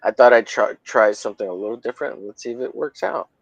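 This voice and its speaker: A man's voice: on the low side, quick pace, highs cut off, slight background noise. A man hosting a casual drawing livestream, rambling and joking, with profane banter. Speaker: livestream host, comic artist.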